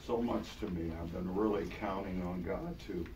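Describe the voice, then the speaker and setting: An older man preaching a sermon to his congregation with a hoarse, partly gone voice, talking earnestly and casually, repeating words for emphasis. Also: deep voice, fairly even intonation, moderate pace. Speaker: pastor. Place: large church hall with congregation. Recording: echoey hall, taken from far off, noisy.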